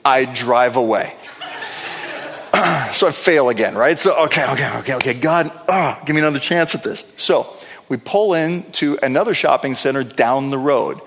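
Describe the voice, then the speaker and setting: A male pastor telling a story in a sermon, animated, with playful asides. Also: mid-range voice, moderate pace, slight background noise. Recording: long reverb of a large hall.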